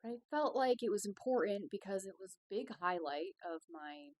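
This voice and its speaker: A woman's voice: medium pitch, expressive, normal speed, dry recording, low-quality recording. A young woman hosting a podcast, telling a long story in a rambling, profane, self-mocking way. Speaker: podcast host. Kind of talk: casual solo podcast storytelling.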